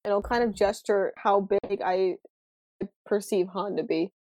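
A woman's voice: mid-range voice, steady tone, measured pace, a little mellow, dry recording, low-quality recording. A woman playing a tabletop game over an online voice call, speaking hesitantly as she searches for words. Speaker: player.

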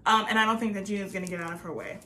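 A woman's voice: medium pitch, fairly even intonation, racing, sharp tone. A woman co-hosting a casual chat about a reality show, playful and laughing often. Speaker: podcast co-host.

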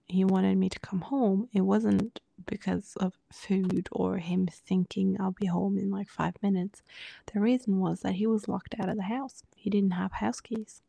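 A woman co-hosting a podcast, telling a personal story in casual talk, often sinking into a breathy near-whisper and acting out what others said. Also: medium pitch, fairly even intonation, measured pace, warm tone, no echo. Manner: quotes others in dialogue with many fillers. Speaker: podcast co-host.

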